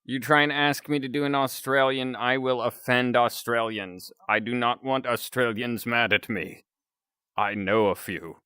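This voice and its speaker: A man's voice: medium pitch, steady tone, measured pace, pushed and bright, clean tone, no room sound, clean studio sound. A man chatting casually on a live stream, rambling and chuckling between remarks.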